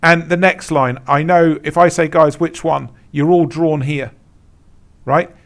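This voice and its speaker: A man's voice: fairly high pitch, fairly even intonation, unhurried. A man working as a shop consultant, talking through a screen-share tutorial in a blunt, emphatic way, repeating words and laughing at bad examples. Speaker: Etsy consultant.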